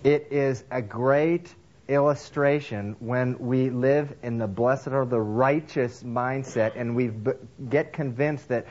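A man preaching a sermon in a conversational way, halting with restarts and fillers, acting out characters' voices as he tells a story. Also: muffled recording. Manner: acts out characters' lines with lively swings in pitch. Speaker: pastor.

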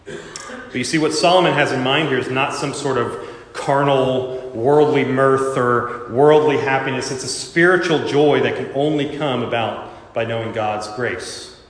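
A man preaching a sermon as pastor, expressive and dramatic, acting out the voices he quotes. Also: mid-range voice, measured pace. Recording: echoey church hall.

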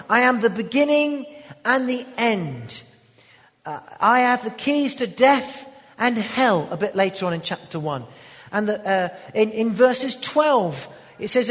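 A man preaching a sermon in an emphatic manner, building to loud declarations. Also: high-pitched. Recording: long hall reverb.

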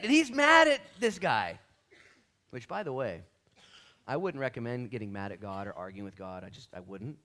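Animated preaching man, full of slang. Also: medium pitch, moderate pace. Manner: animated, casual slang, jokey asides. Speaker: pastor. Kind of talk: sermon, Bible study teaching. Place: church.

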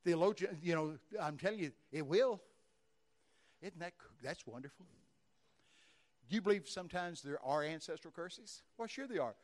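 A male Baptist preacher, telling folksy stories in a sermon and breaking into sudden loud bursts. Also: a little high, animated, moderate pace, pauses often. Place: church.

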